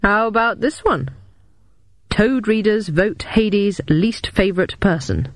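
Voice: mid-range voice, no room sound. A narrator voicing a pompous, theatrical male master criminal who savours each wicked word. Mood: boastful. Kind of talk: audiobook character voice.

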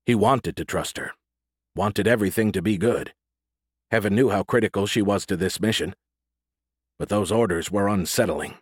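A man narrating an audiobook in a steady, even reading. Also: deep voice, moderate pace, husky, dry recording, studio quality.

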